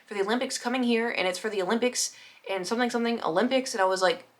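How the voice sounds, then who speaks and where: A woman's voice: on the high side, rapid-fire. A young adult woman telling a storytime vlog in a rambling, anxious, self-deprecating way, with many restarts. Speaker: vlogger. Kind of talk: casual storytime monologue.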